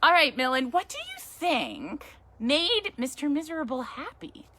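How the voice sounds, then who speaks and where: A woman's voice: high voice, huge pitch swings, a little slow, bright, forceful tone, slight background noise. A woman reading a picture book to a child at storytime, playful and chatty, with asides and questions. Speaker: yoga teacher reading to a child.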